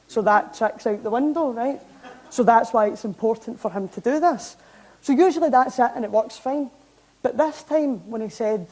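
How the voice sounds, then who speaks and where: A young Scottish woman giving a public talk, recounting events in a lively, anecdotal way. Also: fairly high pitch, moderate pace, rough recording. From Scotland. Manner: lively anecdotal, animated when amused. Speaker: member of parliament giving a talk. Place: hall, talk to an audience.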